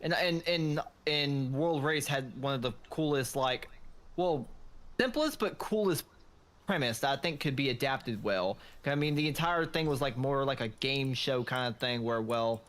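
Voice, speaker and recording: A man's voice: medium pitch, expressive, moderate pace, fairly bright tone. A man chatting casually on a late-night gaming stream, rambling with restarts and crude jokes. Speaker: streamer co-host.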